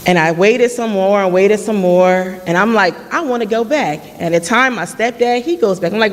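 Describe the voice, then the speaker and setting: At a measured pace and in a mid-range voice, a person in their late thirties speaks at a community forum held in a church hall. Their earnest personal testimony includes reenacted dialogue from past conversations, heard through long hall reverb.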